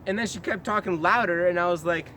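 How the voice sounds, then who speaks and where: A young man from the US rambles through a comic story in a goofy, mock-serious way, his voice sitting a little high. He records himself outdoors on a handheld camera, with faint outdoor noise around him. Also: quick pace, bright, forceful tone. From United States. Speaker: vlogger. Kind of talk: comedic storytelling vlog. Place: outdoors on a trail in woods.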